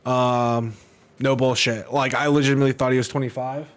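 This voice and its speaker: Male streamer for casual reaction commentary: loose, rambling, average pitch. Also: flat delivery, fairly quick. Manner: rambling, laid-back, sprinkled with fillers. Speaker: streamer reacting to his own podcast.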